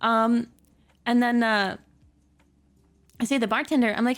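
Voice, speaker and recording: A woman with a high, bright-pitched voice chats casually from her computer at home and tells a story. She is animated and giggly and acts out the people in it. Her talk is full of fillers and quick restarts. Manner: many fillers and self-corrections. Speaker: streamer telling stories.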